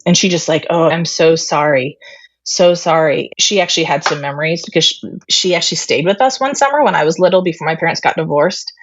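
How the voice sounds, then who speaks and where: Low-voiced woman telling a personal story. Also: fast talker, lo-fi sound, slight background noise. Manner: candid, retelling dialogue with many fillers. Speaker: interview guest.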